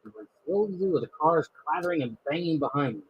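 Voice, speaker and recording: A man reading a children's storybook aloud, expressive and lively with small slips. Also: a little high, a little fast, dull audio, background noise. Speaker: storybook narrator.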